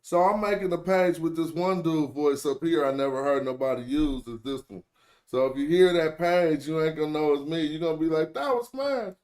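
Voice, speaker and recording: A man's voice: fairly high pitch, steady tone, fairly quick, a little mellow. A man hosting a casual online tutorial, talking loosely and slangily to his viewers and often correcting himself mid-sentence. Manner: slangy, chatty address to viewers. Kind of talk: casual screen-share tutorial.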